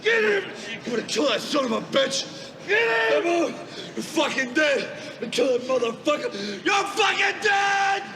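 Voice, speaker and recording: An actor playing a furious cop who screams with hoarse, roaring yells after his knifed partner, heard as a film clip. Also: extremely high pitch, big pitch swings, moderate pace, hardly any pauses, echoey room, noisy background, exaggerated voice. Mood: enraged. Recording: film audio with loud music and crowd.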